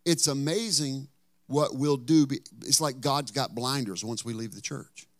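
A male pastor preaches with a storyteller's drive. He swings from loud, emphatic outbursts down to hushed whispers to drive home his points. His voice sits at a middle pitch and is recorded close and dry, with no room echo. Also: unhurried. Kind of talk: sermon.

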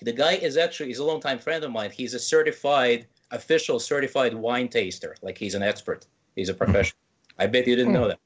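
A man's voice: medium pitch, a little fast, highs cut off. A man talking as a podcast guest, chatty and poking fun at himself. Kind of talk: casual chat.

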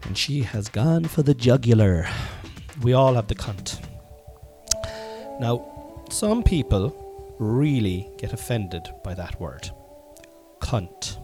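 A middle-aged Irish man hosting a podcast from home while sick, coughing now and then, rambling and swearing, with sudden loud bursts. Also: mid-range voice, very animated, slow, music in the background. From Ireland. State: sick with covid, congested and coughing. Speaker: podcast host. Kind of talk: casual solo podcast monologue.

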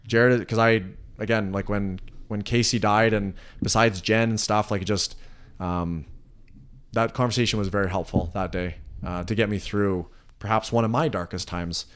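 A podcast host speaks in a low voice, earnest and reflective. He rambles through his thoughts with fillers and restarts, in casual conversation. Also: fairly even intonation, moderate pace, clear, resonant tone.

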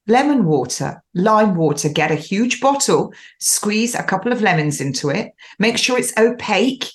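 Chatty woman host giving advice. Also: fairly low pitch. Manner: chatty, instructive, laughs now and then. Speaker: show host. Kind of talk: casual advice monologue.

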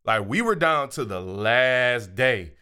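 A man hosting his own show, telling a casual, animated story and acting out the voices of people in it. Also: medium pitch, takes it slowly, smooth. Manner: animated, acts out quoted voices. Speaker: show host.

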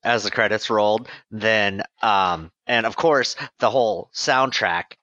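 A man's voice: fairly low pitch, measured pace, sharp tone, no room sound, dull audio. A man co-hosting a comedy podcast, eagerly playing along with the improvised bit. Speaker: podcast co-host.

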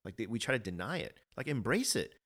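A man's voice: on the low side, sing-song, fast talker, fairly bright tone. A man co-hosting a podcast, giving his opinions in a casual, earnest way and often repeating words as he starts a point. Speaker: podcast co-host.

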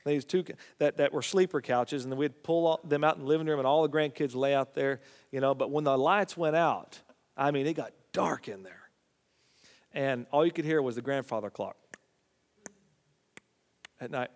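A middle-aged man, telling a family story and preaching in a folksy way, sometimes dropping to a hushed voice. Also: mid-range voice, normal speed, big-room sound. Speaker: Bible teacher. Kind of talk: preaching Bible study.

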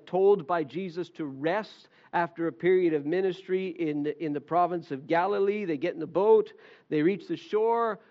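High-voiced male pastor preaching. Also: dull audio. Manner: animated storytelling, acting out voices of the disciples. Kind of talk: sermon.

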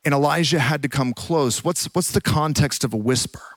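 A man preaching a sermon as a pastor, telling the story with animated energy and dropping to a hush for the quiet parts. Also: fairly high pitch, moderate pace, dry recording. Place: church.

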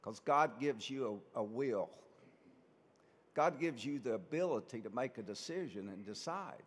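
A man's voice: medium pitch, animated, measured pace, husky, big-room sound. A man, a priest, giving a conversational sermon full of rhetorical questions.

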